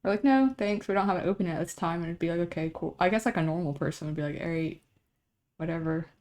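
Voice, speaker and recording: A woman's voice: deep voice, level tone, quick pace, a little mellow. A young adult woman streamer chatting casually while she draws, telling a rambling story and laughing often.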